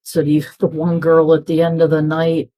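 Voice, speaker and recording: Talking as she crafts, this middle-aged vlogger wanders chattily between stories and performs what people said. Her low voice is dark and monotone, at a normal speed.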